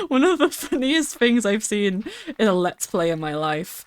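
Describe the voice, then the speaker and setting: A woman's voice: medium pitch, big pitch swings, normal speed, slight background noise. A woman streamer chatting casually and rambling while she plays, swearing now and then and reading her chat aloud. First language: English.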